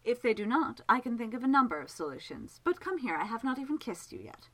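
A woman voicing a graceful female ghost who talks in a gently teasing, amused way. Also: fairly high pitch, big pitch swings, quick pace, pitched above the performer's own voice, low-quality recording.

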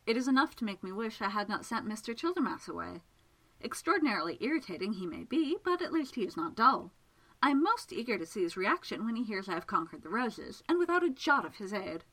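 Casting note: woman reading a shy, formal gentleman magician, hesitant and earnest, with a lively pitch. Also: brisk, rough recording. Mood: wry. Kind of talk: audiobook character reading.

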